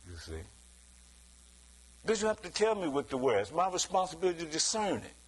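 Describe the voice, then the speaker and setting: Speaking a little fast in a husky, slightly high voice, a very animated man delivers a sermon in a casual, talk-like style. He frequently stops to ask "you see?" and laughs softly between points while imitating the voices he quotes. The audio is of low quality.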